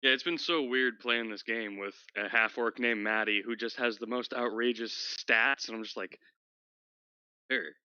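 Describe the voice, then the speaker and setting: A man chats with his tabletop gaming group in a joking, animated way. His voice is very bright and smooth. It comes through a dull, muffled mic. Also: mid-range voice, moderate pace, few pauses, no echo. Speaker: tabletop game player. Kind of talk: casual chat between players.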